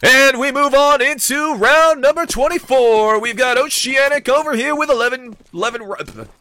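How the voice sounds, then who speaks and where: A man voicing a booming adult male game show announcer with a loud, drawn-out showman delivery. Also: slight background noise. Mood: grandiose.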